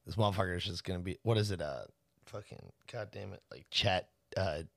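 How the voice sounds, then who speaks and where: A man's voice: low voice, brisk, creaky, a bit bright, dry recording. A man co-hosting a podcast, rambling and swearing a lot in casual banter. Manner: heavy swearing, rambling, acts out bits. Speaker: podcast co-host. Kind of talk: casual chat.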